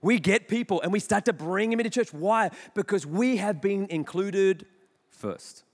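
A man preaching a sermon, telling chatty stories with quick self-mocking asides. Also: high-pitched. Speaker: pastor. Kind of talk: sermon with storytelling. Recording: long hall reverb.

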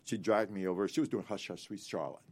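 An elderly man in his eighties with a very deep, gravelly voice, spinning long, rambling anecdotes as an interview guest. He talks in an animated way and breaks into laughter between stories. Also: fast talker. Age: 80s. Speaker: actor guest.

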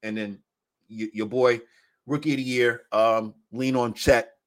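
Man, casual basketball podcast talk, animated, average pitch, laughs a lot. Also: unhurried. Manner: animated, laughing, acts out quotes. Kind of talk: casual sports chat.

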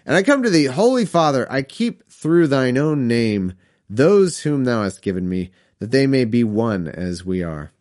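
A man's voice: mid-range voice, big pitch swings, a little mellow. Man reading scripture with wry asides. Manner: slow, drawn-out reading broken by wry, self-mocking riffs. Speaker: comedic scripture reader.

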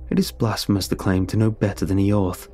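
A man's voice: lowish voice, fairly even intonation, fairly quick, warm tone, faint music behind, close to an everyday voice. A man voicing a stern, solemn eldest male council member in an audiobook reading.

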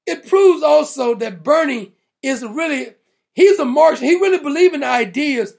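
A man's voice: very high-pitched, vocal fry. A man hosting a political commentary show, mocking and blunt, laughing at his own jokes. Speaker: show host.

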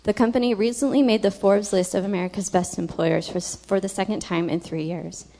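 A woman's voice: medium pitch, steady tone, brisk, warm tone. A woman hosting an interview, reading a guest's introduction and then asking questions with dry, wry asides. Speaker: interviewer, host.

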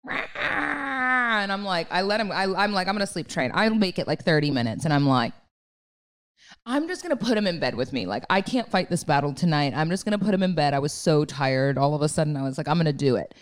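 A woman's voice: animated, fast. A woman in her thirties, co-hosting a podcast, chatting casually and telling a story with lots of fillers. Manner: chatty storytelling, acts out quotes in a high voice. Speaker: podcast co-host. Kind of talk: casual chat.

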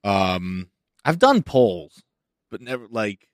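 A man's voice: fairly low pitch, sing-song, slow pace, no room sound, studio quality. A young man in casual podcast chat, blunt and crude, with sarcastic asides. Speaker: podcast co-host.

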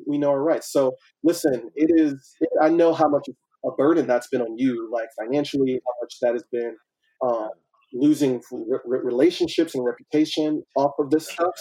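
A man talking as a podcast guest in an earnest, animated way, laughing often. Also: mid-range voice, husky, poor audio. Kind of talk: casual conversation.

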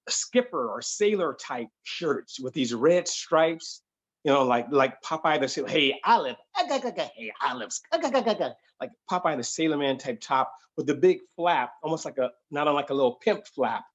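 A male stand-up comedian telling a funny story in a lively way, acting out the voices of the people in it. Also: medium pitch. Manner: animated, acts out the voices of the people in his stories. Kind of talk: comic storytelling.

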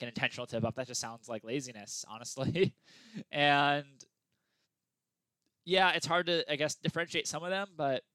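A man's voice: fairly high pitch, pushed and bright, smooth, dry recording. A man co-hosting a casual discussion podcast, easygoing and agreeable, hesitating with fillers as he thinks. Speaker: podcast co-host.

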